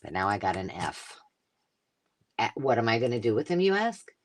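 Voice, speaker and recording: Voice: medium pitch, sing-song, moderate pace. A craft host chatting casually on a live stream, rambling through stories and cutting off her own sentences as she unboxes finds at home. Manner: rambling, self-interrupting storyteller.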